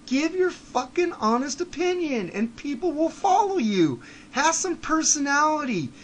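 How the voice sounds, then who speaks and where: A man with a high-pitched voice rants on his podcast, blunt and profane. He drops into low mutters, then builds to heated shouting, with faint ambient noise behind him. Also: big pitch swings, unhurried. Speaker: podcast host. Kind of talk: ranting monologue.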